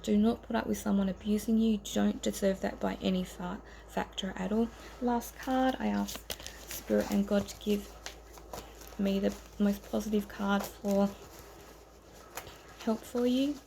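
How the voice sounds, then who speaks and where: A woman's voice: medium pitch, fairly even intonation, measured pace, creaky, warm tone, slight background noise, poor audio. A woman giving an informal tarot reading to camera, earnest and rambling, with frequent ums and self-corrections. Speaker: tarot reader.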